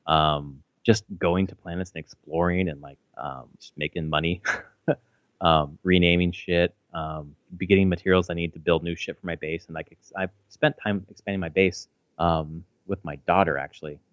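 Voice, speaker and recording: A man's voice: deep voice, fairly even intonation, normal speed, a bit bright, no room sound. A man in his thirties chatting casually as a podcast co-host, rambling with lots of fillers and restarts and swearing freely. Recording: slightly dull, dry audio.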